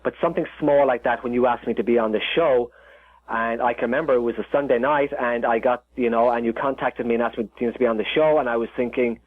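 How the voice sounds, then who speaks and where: A man's voice: mid-range voice, fairly even intonation, fast talker. Earnest man on a tinny phone line. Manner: rambling, earnest, lots of fillers. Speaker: guest chef. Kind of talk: casual interview chat.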